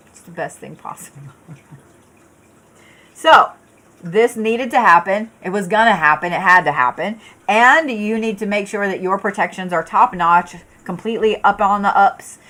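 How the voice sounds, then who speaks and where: Her voice is medium-pitched, bright and forceful, moving at a moderate pace as she gives a live tarot reading. Though yawning and tired, she stays chatty with viewers in a blunt, casual, swear-heavy way, often using fillers and restarting sentences.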